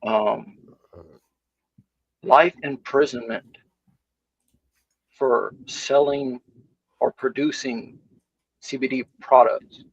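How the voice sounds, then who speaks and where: A man's voice: mid-range voice, fairly even intonation, drawn-out words, vocal fry, long pauses, slightly rough, dull audio. A man co-hosting a livestream, talking in a rambling way with many fillers. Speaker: podcast co-host. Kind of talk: casual livestream chat.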